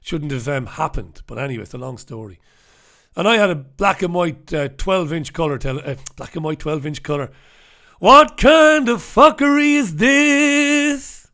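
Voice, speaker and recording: A man's voice: on the high side, expressive, fairly quick, gravelly, fairly bright tone. A man from Ireland, hosting a live newspaper review in a brash, sarcastic manner, swearing freely and greeting viewers from the chat. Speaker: host.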